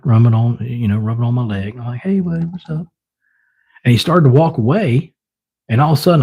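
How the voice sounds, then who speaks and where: A man's voice: mid-range voice, mellow, breathy edge. A man livestreaming, casually telling a rambling story, chuckling often and mimicking his pets.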